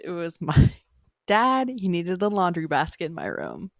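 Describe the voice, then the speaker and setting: A woman's voice: lowish voice, wildly swooping pitch, unhurried, no echo, clean studio sound. A woman co-hosting a podcast in casual chat, laid-back and easily amused. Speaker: podcast co-host.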